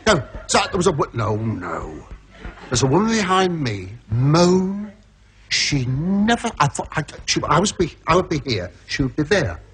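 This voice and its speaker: A man telling a long joke story, hoarse from laryngitis, rambling and chuckling at his own lines. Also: fairly high pitch, very animated, unhurried, fairly bright tone. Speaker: comedian.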